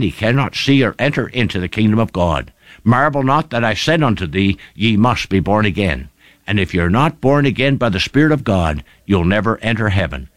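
A man's voice: on the low side, no echo. Earnest male radio preacher, dry sound. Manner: earnest, pleading evangelistic appeal. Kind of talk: sermon.

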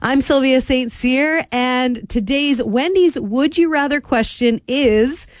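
A chatty woman hosts a morning radio show. Her voice sits a little high and sounds animated as she laughs her way through a casual chat. The studio mic gives a close, dry sound. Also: slow pace, no echo. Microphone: studio microphone.

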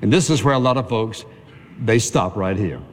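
A man's voice: lowish voice, normal speed, slight background noise. A man preaching a sermon as pastor, earnest and conversational, piling up repeated phrases. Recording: long reverb of a big hall.

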